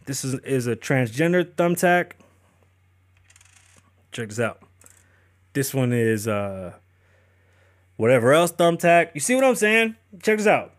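Casting note: high-pitched man, thirties, heated profane rant, stumbles and restarts, casual host. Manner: profane, heated, rambling, stumbles over words. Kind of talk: casual ranting commentary. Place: Las Vegas.

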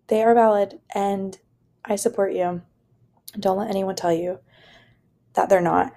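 A woman's voice: mid-range voice, fairly even intonation, a little slow, gravelly, long pauses, warm tone. A young woman hosting a solo podcast, talking in an earnest, rambling way with lots of "like" and "you know". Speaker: podcast host. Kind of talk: casual solo podcast monologue.

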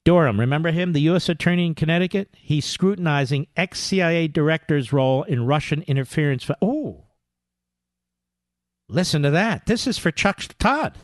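A man's voice: on the high side, animated, normal speed, no room sound, studio quality. A male talk radio host delivering a combative, sarcastic political monologue, mocking his critics with impressions.

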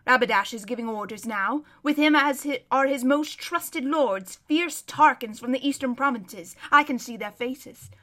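A woman's voice: sits high, normal speed, few pauses, fairly bright tone. A woman voicing an old male hermit who describes a distant battle as a vivid, emphatic running commentary. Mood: watchful.

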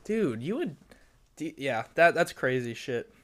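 A man's voice: medium pitch, very animated, measured pace, a bit bright. A young man in casual podcast chat, swearing a lot and laughing often.

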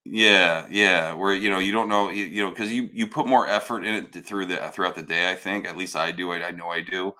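A man with a low, bright and forceful voice chats casually about family life. He is loud and blunt, swears often, and stumbles through restarts as he talks. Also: fairly even intonation, fairly quick, few pauses. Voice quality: hard of hearing. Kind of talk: casual chat.

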